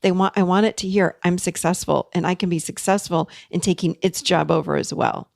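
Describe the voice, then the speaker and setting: A woman's voice: on the low side, gravelly, dry recording. Earnest woman coaching, dry sound. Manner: earnest, coaching, speeds up and slows down. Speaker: podcast host and therapist. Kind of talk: teaching podcast talk.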